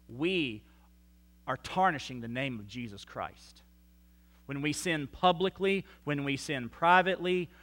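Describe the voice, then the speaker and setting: Pastor, male, fairly high voice, delivers a sermon with swelling emphasis and drops. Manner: emphatic preaching, rising and falling loudness, slow stressed quotes. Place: church sanctuary.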